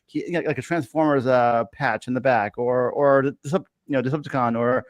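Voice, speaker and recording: A man's voice: medium pitch, fairly even intonation, fairly quick, no echo. A man in casual chat, telling a long story with many fillers, restarts and laughs.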